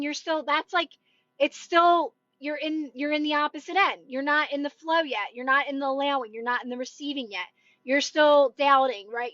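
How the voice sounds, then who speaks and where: A woman with a bright, high voice chats with viewers in a loose, rambling way, dropping "like" and "right?" throughout. The audio is dry and a little dull, like a phone livestream. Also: dry recording. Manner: chatty and rambling, full of "like" and "right?". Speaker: manifestation coach. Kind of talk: casual livestream chat with viewers.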